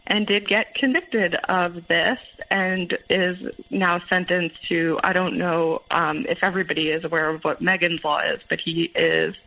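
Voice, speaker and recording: A woman's voice: on the low side, fairly even intonation, creaky. Woman telling her story, muffled audio. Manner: halting, many fillers and restarts. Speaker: guest. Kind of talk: personal story in interview.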